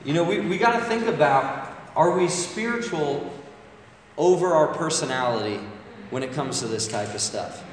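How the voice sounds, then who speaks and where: Preaching conversationally with lively intonation at normal speed, a man in a high-leaning voice keeps asking the congregation "right?", and people call back. The recording has slight background noise, an echoey hall, and a distant-sounding voice.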